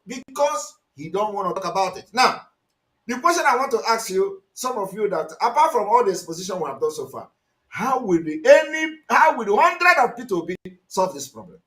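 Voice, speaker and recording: A man with a Nigerian accent commenting on news clips during a livestream, agitated and repetitive, sometimes shouting. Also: extremely high pitch, lively intonation, moderate pace, roomy sound. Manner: agitated, repeats phrases, shouts at points. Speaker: online commentator.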